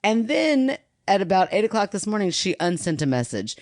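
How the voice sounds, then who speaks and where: Podcast co-host: woman, 30s, animated storyteller, very expressive, dry close mic. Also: medium pitch, brisk, dry recording. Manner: animated storyteller, laughs often. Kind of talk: casual chat.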